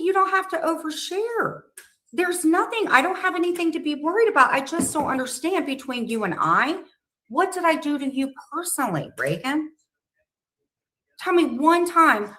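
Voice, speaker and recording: A woman's voice: sits high, pushed and bright. A woman in a heated live-stream argument, pleading and calling people honey.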